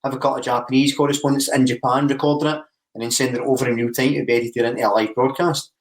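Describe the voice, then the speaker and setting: A man's voice: mid-range voice, fairly even intonation, fast. A man, co-hosting a football podcast, rambling animatedly through ideas. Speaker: podcast co-host. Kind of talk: casual chat. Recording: roomy echo.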